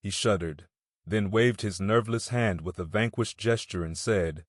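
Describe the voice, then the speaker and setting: Brief: male audiobook narrator, lowish voice, measured and steady, dry close sound. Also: no echo. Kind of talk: scripted narration.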